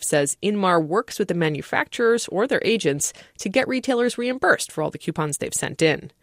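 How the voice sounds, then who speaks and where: A woman radio reporter narrating a news feature in a brisk, wry way. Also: mid-range voice, dry recording, clean studio sound.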